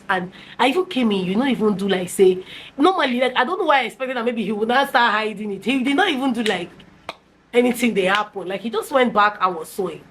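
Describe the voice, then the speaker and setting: A Nigerian woman telling a personal story to her viewers in an animated, casual way, slipping into Pidgin with many restarts and fillers. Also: mid-range voice, slight background noise, poor audio. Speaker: storytime vlogger.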